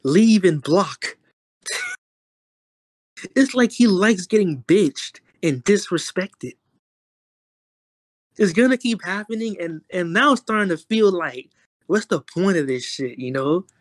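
A young man rambles through a roast in slow, slangy, profane talk, full of fillers and exasperated sighs. His voice sits in a middle pitch and sounds dry and close to the mic. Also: expressive, dry recording. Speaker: online streamer. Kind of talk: casual roast on a voice chat.

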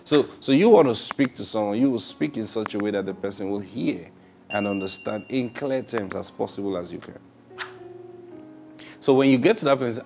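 A man preaching a sermon, laughing often and repeating praise, swinging between loud bursts and hushed, drawn-out phrases. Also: medium pitch, lively intonation, soft background music. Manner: laughs often, repeats "Praise God", asks rhetorical questions.

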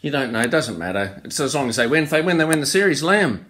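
Playful Australian dad in an echoey room. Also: male voice, fairly high pitch, sing-song, fast, fairly bright tone. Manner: playful and chatty, cooing at pets. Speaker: father hosting a family tipping video. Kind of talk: casual home video commentary. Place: family home indoors. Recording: echoey room with background noise.

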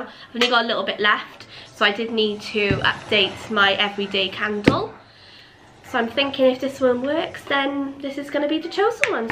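A woman's voice: fairly high pitch, sharp tone, a little hiss or hum. Chatty young woman vlogging. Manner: chatty, rambling, self-correcting. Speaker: lifestyle vlogger. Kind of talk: casual vlog chat to camera. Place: at home.

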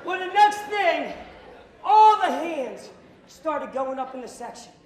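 A man speaking as a motivational speaker to students, telling a story with lots of energy. He acts out the dialogue and now and then bursts into shouts. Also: very high-pitched, sing-song, slow, reverberant, slight background noise. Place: school auditorium.

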